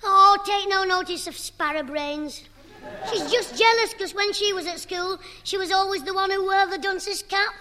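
An actor playing a cheeky, scheming young schoolboy in a radio sitcom, with quick, wheedling delivery. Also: very high voice, crowd noise. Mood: teasing. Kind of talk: 1950s radio sitcom acting.

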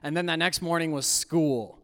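A young man with a high, smooth, resonant voice tells a comic childhood story to a live crowd. He is animated and keeps switching into squeaky high voices to play his younger self. The sound rings with a long reverb, as in a large hall. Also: normal speed. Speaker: storyteller speaking to a youth audience.

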